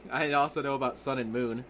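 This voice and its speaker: A man's voice: medium pitch, a little hiss or hum. A young man hosting a casual gaming podcast, joking and teasing his friends as he talks. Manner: joking, animated, quick to tease. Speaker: podcast host.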